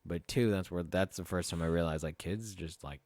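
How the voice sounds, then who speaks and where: A man co-hosting a casual gaming podcast, laughing often and mimicking loud kids for laughs. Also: sits low, normal speed, dry recording. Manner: lively, laughing, mocks kids in loud voices. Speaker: podcast co-host. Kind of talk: casual chat.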